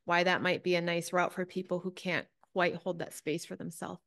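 A woman hosting an interview, animated and chatty, sometimes acting out her own reactions. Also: lowish voice, moderate pace. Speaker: podcast host. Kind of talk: conversational interview.

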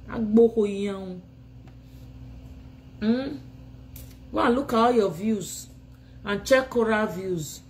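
A woman's voice: medium pitch, takes it slowly, pauses often, a little hiss or hum, poor audio. A Nigerian woman ranting in a phone live video from home, scolding and insulting her rivals while tired and sleepy. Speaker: vlogger.

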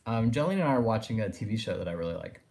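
A man's voice: fairly low pitch, very animated, very fast, gravelly, darkish tone. A man giving a philosophy lecture, thinking aloud and circling his points with phrases like "in a sense". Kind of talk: recorded lecture.

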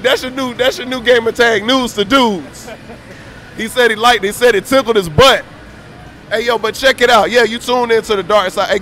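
A man's voice: very high voice, fairly bright tone. A man trash-talking on a stream mic, boastful, taunting and profane. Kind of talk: brash trash talk.

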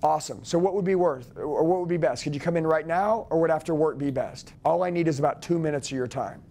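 A man leading a live sales training, forceful and commanding, repeating key lines for emphasis to a group in a training room. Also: a little high, fast talker, gravelly.

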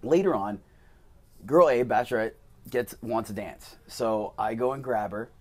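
A young man hosting a casual podcast interview, telling animated stories and acting out quoted voices. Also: mid-range voice, moderate pace. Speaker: podcast host and male dancer.

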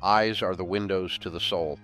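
Man in his 60s, low-pitched, folksy sermon delivery, joking, scripture-quoting, faint music underneath. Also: fairly even intonation, moderate pace, fairly bright tone. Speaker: guest speaker. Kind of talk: folksy sermon-style talk.

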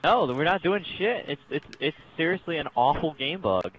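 A man's voice: a little high, animated, moderate pace, background noise. A young man casually commentating a co-op game, swearing and laughing a lot. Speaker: gameplay commentator. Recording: game music behind. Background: game music and sounds.

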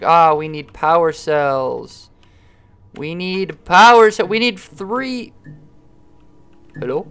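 A young man giving let's-play commentary on a horror game, joking and excitable as he talks to himself while playing. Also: high voice, unhurried. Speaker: gaming YouTuber.

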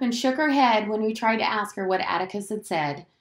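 A woman teacher reading a novel aloud to her class, in an expressive storytelling manner. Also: medium pitch, fairly quick, hardly any pauses, echoey room.

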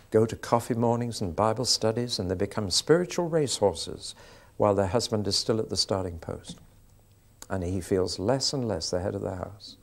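A man preaching a sermon, telling anecdotes with dry humour. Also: fairly low pitch.

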